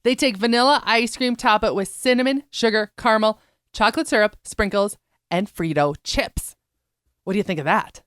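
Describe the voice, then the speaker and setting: A woman co-hosting a talk show, chatty and upbeat as she reads out food news. Her voice is smooth and resonant. The sound is dry and close. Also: mid-range voice, moderate pace, a bit bright, dry recording. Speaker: co-host. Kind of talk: casual show chat.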